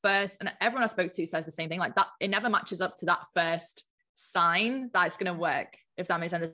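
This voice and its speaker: Speaking fairly quickly with a sharp tone, a woman from the UK whose voice sits on the low side appears as a podcast guest. She's a business mentor, chatty and leaning heavily on the filler "like."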